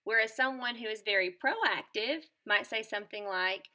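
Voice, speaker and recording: A woman teacher presenting a scripted lesson to children in a clear, upbeat and encouraging tone. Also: fairly high pitch, expressive, normal speed, hardly any pauses, bright, forceful tone. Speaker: teacher presenting a school morning show lesson.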